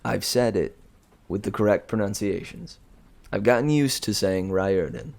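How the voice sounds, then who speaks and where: Male story reader in a loose aside, chuckly and self-amused, with a low, creaky voice. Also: lively intonation, normal speed, darkish tone. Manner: chatty, self-amused, chuckling, trailing off and restarting. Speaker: audiobook reader. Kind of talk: casual rambling aside.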